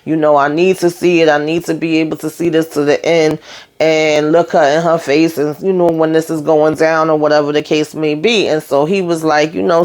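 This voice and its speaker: A woman's voice: deep voice, a little mellow. A woman hosting her own channel, casually recapping a TV episode in a chatty, emphatic way, talking straight to her viewers. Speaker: TV show recap host.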